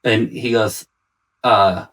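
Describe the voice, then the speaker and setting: A man's voice: lowish voice, steady tone, slow pace, fairly bright tone, rough recording. Rambling, chatty man telling stories. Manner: rambling storyteller, heavy use of "like". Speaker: podcast guest, father. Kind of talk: casual chat.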